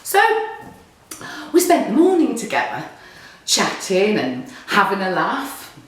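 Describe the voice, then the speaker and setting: Slow, lively woman storyteller. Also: medium pitch. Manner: wry, conversational storytelling. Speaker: narrator. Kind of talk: storytelling read aloud. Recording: roomy echo, distant mic.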